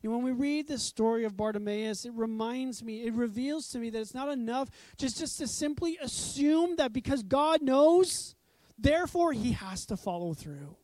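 A woman's voice: on the high side, animated, moderate pace, dark tone, no room sound. A woman preaching a conversational sermon, telling stories with animation and acting out voices. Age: adult parent.

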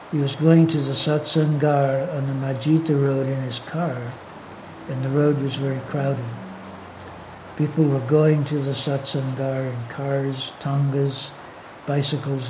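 A man narrating a story in a steady, measured reading voice. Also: medium pitch, background noise.

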